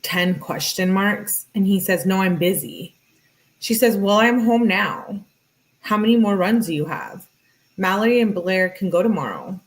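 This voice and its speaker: A woman reading text messages aloud, alternating between the two people in the chat and breaking off with casual asides and quick reactions. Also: medium pitch, expressive, poor audio. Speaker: true crime commentator.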